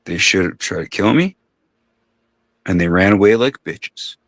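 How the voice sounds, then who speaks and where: A man's voice: sits low, animated, moderate pace, a bit bright, dry recording. A man telling a long story in casual podcast talk, rambling and profane, acting out the voices of the people in it.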